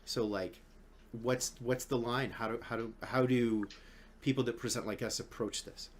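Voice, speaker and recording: A man hosts a casual podcast at an ordinary middle pitch. He rambles, restarts his sentences and swears freely. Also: fairly even intonation, moderate pace. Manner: rambling, profane, many restarts. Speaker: podcast host. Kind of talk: casual chat.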